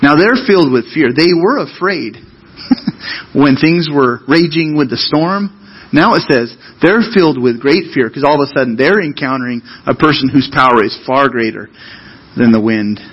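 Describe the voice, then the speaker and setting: Male pastor, husky voice, conversational sermon, dull lo-fi recording. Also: medium pitch, normal speed. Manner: conversational, animated storytelling preacher.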